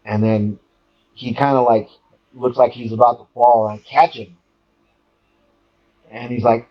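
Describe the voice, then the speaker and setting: Appearing as a guest in casual chat, a man tells a story in an animated but halting way, often restarting and repeating words. His voice is medium in pitch and the recording sounds muffled.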